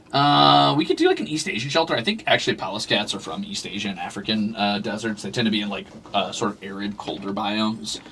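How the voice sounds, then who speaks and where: A man's voice: on the low side, creaky, fairly bright tone, distant mic, slight background noise. A man streaming a game, rambling casually and chatting with his viewers. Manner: rambling, chatty, talks to his cats and chat. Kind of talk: casual livestream chat while playing.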